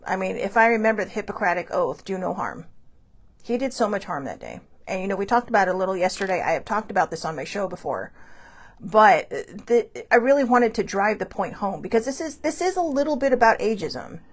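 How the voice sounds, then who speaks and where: Lively chatty woman telling a story. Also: medium pitch, a little fast. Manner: rambling, chatty, frequent fillers and restarts; animated, laughs between thoughts. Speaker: show host. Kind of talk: casual storytelling monologue. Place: Hawaii show.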